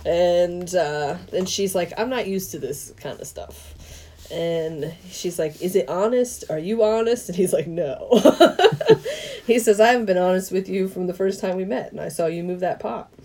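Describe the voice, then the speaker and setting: Laughing woman recapping a movie plot. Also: lowish voice. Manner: animated storytelling, quick to laugh, acts out quoted lines. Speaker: podcast co-host.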